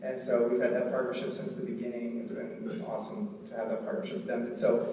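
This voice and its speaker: A preacher and recovery ministry leader from Ohio gives his testimony in a sermon, earnest and storytelling, peppered with ums and "right?" tags. His medium-pitched, dark-toned voice stays fairly flat and moves quickly with hardly any pauses, recorded from far off in an echoey hall with faint noise.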